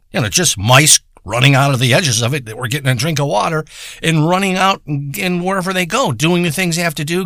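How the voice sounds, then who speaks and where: A man with a high-ish, bright and forceful voice spins a rambling comic story. He swears constantly and keeps a crude, deadpan delivery, recorded dry and close. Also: no echo. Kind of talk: rambling comedic monologue.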